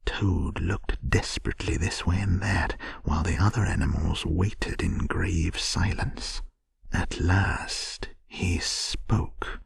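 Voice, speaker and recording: Man whispering a bedtime story, gravelly. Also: low-pitched, fairly even intonation, takes it slowly, dry recording, clean studio sound. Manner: soft, soothing whisper.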